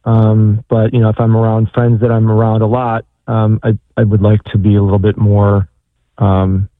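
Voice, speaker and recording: A man calling in to an advice show, speaking in a halting, hesitant way. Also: on the low side, monotone, dry recording. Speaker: caller. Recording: tinny phone line.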